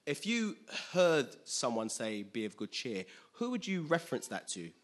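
A man preaching a sermon in an animated way, acting out scenes with sudden loud outbursts. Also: mid-range voice, normal speed.

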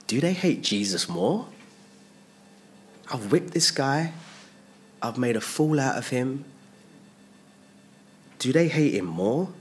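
Male preacher, unhurried, expository teaching style, acts out the people in the passage. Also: mid-range voice, slight background noise. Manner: animated, voices the speakers in the passage, rises and drops sharply.

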